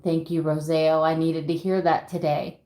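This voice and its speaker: A woman's voice: low-pitched, flat delivery, normal speed, echoey room. A middle-aged woman vlogging live, earnest and openly emotional, sighing and greeting viewers as she reads their messages. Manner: frequent sighs and fillers, warm greetings to viewers. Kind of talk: livestream chat, reading viewer messages.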